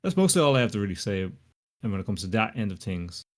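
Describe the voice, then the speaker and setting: A co-host talks casually about a film on a podcast. The speech is halting and full of fillers, with pauses while hunting for words. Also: deep voice, big pitch swings.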